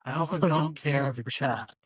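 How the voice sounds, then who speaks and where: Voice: medium pitch, normal speed, breathy edge, dry recording, studio quality. A player in a tabletop game, joking and laughing between rolls. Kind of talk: playing a character in a tabletop game.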